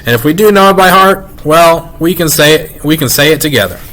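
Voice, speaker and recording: A man's voice: on the high side, animated, fairly quick, a bit bright, slight background noise, pitched above the performer's own voice, rough recording. A man reading aloud and voicing a harried young mother who pleads and scolds in a raised, exasperated tone. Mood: coaxing.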